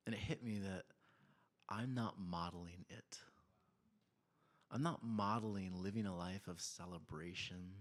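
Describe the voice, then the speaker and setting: Storytelling pastor, man with a low voice. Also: measured pace, pauses often. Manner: conversational storytelling, animated, with laughs and quiet asides. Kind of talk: sermon. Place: church.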